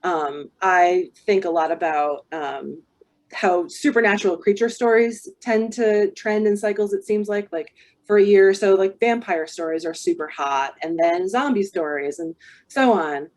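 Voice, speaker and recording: A woman's voice: fairly low pitch, a little slow, darkish tone. A woman book coach giving casual advice, thoughtful and talking with many ums and restarts.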